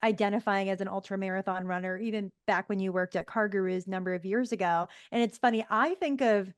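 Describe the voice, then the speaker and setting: A woman's voice: mid-range voice, fast talker, smooth, no echo, studio quality. A woman hosting a podcast, asking questions in a casual, searching way with lots of fillers. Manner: searching for words, many fillers, friendly. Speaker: podcast host. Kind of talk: casual interview.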